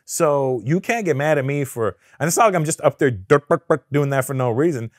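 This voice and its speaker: A middle-aged man from Canada, a comedian guest in a casual interview, telling animated, profane stories full of quoted voices. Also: a little high, a little fast, no room sound, studio quality.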